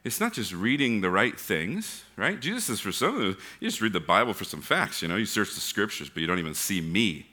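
A young adult man preaching a sermon, telling humorous stories and acting out the voices in them. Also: fairly low pitch. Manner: animated, acts out voices in anecdotes. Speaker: pastor.

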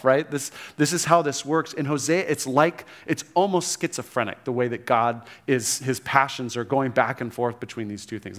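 A man preaching a sermon in a conversational way, quoting scripture with animated emphasis and frequent restarts. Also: medium pitch. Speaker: pastor.

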